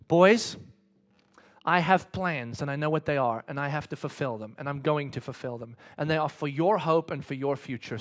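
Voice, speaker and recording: Animated preacher, loud then whispered. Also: male voice, a little high. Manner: animated storytelling, swinging from loud excitement to hushed whispers; casual, chatty phrasing. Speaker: pastor. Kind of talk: sermon.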